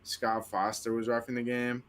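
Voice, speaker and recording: A man co-hosting a casual sports stream, telling excitable stories full of "like" and "yo" and acting out what people said. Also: medium pitch, normal speed. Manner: excitable storyteller, acts out quotes, lots of "like" and "yo". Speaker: co-host of a sports watch-party stream.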